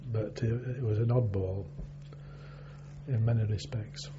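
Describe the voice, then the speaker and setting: Recorded for an oral history project, this older man talks about his navy days, rambling and stumbling with lots of fillers. He speaks in a lowish voice with fairly even intonation. The sound is dull and lo-fi, carrying a faint hum.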